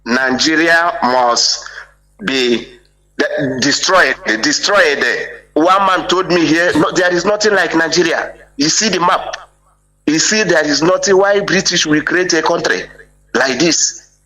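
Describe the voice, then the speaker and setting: An emphatic man speaks on a live call-in, keeping his pitch a little high and his tone bright and forceful. He keeps tossing in "eh?" to press his point. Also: a little slow, faint music behind, low-quality recording. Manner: emphatic, repeats "eh?" for agreement. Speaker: caller. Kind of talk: impassioned call-in speech.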